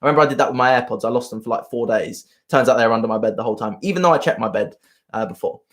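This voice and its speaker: A man's voice: mid-range voice, racing. A man coaching viewers on a live stream, earnest and rambling, often repeating himself. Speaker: self-help coach.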